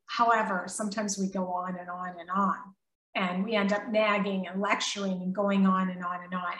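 A woman's voice: mid-range voice, sharp tone, distant mic. A middle-aged woman hosting a casual live-stream, chatting with viewers as a parenting coach and answering their comments with frequent ums. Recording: echoey room, voice somewhat off-mic.

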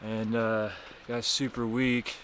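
Standing outdoors by a cold river and waterfall, a young man records a casual vlog recap of nearly drowning, rambling and profane, shaken, weak, worn out and chilled. His voice is fairly low and fairly bright, with a level tone and slow pace. A little hiss or hum sits under the audio.

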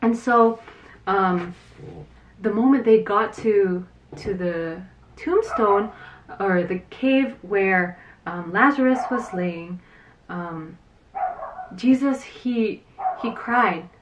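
A woman teaching Sunday school to children, retelling a Bible story in an animated way and acting out the quotes, with some fillers. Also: mid-range voice, extremely slow, pauses often, recorded from a distance, slight background noise.

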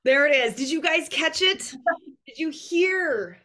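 A woman's voice: high voice, animated, slow pace, pushed and bright. Upbeat chatty woman host. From Canada. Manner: chatty, upbeat, many fillers. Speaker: podcast host, fitness and nutrition coach. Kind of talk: casual interview chat.

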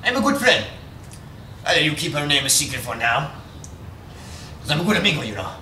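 A man's voice: on the high side, sing-song, fairly quick, pushed and bright. A teenage boy in a student film playing a cocky Cuban schoolmate who mixes in Spanish words and boasts like a mentor. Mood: boastful. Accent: put-on Spanish-tinged. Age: teens. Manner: swaggering, sprinkles Spanish words. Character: cocky Cuban cigar-smoking male schoolmate, swaggering mentor. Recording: echoey room, distant mic, faint hiss.

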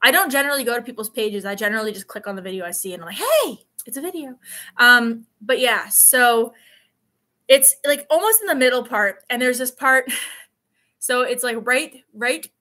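A woman's voice: on the high side, moderate pace, bright, forceful tone. A woman in her late twenties chatting casually on a live stream, telling rambling stories with plenty of fillers. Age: 20s. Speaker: vlogger.

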